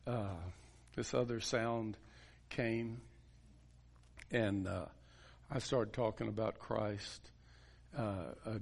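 Slow, folksy preacher man. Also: lowish voice, gravelly, a little mellow. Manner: folksy, chuckling, halting with restarts. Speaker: pastor. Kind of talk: storytelling sermon.

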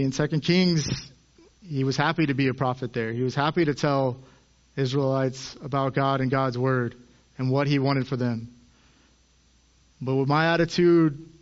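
A man's voice: mid-range voice, lo-fi sound. A man preaching a sermon in an earnest way, his voice rising as he acts out the people in the stories.

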